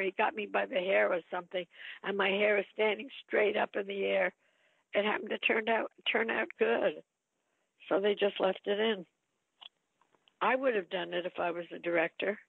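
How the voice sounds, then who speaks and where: A woman's voice: mid-range voice, gravelly, slightly rough, no room sound. An older actress, telling chatty stories about her film career in an interview. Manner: chatty storyteller, lively quoted asides. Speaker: actress guest. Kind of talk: reminiscing interview. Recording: tinny phone-like line.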